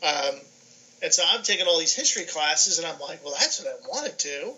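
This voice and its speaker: A middle-aged man from New York, a guest on a video call, telling lively stories and acting out the dialogue in them. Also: fairly high pitch, a little fast, lo-fi sound. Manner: animated, acts out dialogue in his anecdotes. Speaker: guest, sports information director. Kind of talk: casual storytelling on a podcast.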